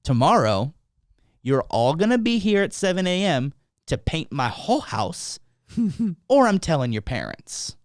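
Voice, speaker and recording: A woman's voice: deep voice, very animated, unhurried, no room sound, studio quality, pitched above the performer's own voice. A man voicing an angry, bossy mother who swears while covering for teenage boys. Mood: furious, commanding. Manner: bossy, swearing, barking orders.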